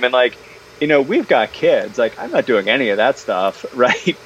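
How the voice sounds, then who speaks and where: An animated man chats through an interview, tumbling over fillers and restarts as he warms to his points. His voice sits at an ordinary pitch. The recording sounds a bit dull and lo-fi. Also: normal speed, slight background noise. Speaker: guest, parenting author. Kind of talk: casual interview conversation.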